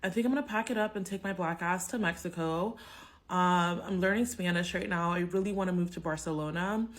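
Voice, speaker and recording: Sassy, decisive woman in a casual vlog, slightly low voice. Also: brisk.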